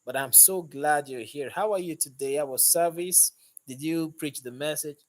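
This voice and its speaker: A man's voice: on the high side, moderate pace. Upbeat man chatting on a live stream. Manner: upbeat, greets and thanks viewers by name. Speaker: mechanic hosting a live stream. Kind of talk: casual live-stream chat. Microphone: phone held in hand.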